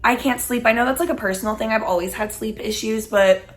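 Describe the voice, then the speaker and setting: A woman's voice: fairly high pitch, fast. Woman, mid-twenties, casual vlogger, chatty, blunt, salty language. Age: 20s. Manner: candid, swears freely, chatty and rambling. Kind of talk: casual chat while smoking.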